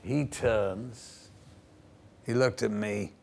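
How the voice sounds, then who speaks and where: An older actor telling stories as a guest on a television interview show, animated and playful, slipping into the voices of people he quotes. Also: fairly low pitch, extremely slow, gravelly. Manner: lively raconteur who acts out the voices in his stories. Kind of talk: anecdotal interview storytelling. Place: television studio.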